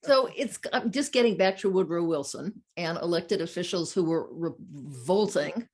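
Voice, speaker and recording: An older woman hosts a conversational interview, chatty and affirming, sharing personal anecdotes along the way. Her voice is fairly low, darkish, and slightly rough, with lively intonation at a normal speed.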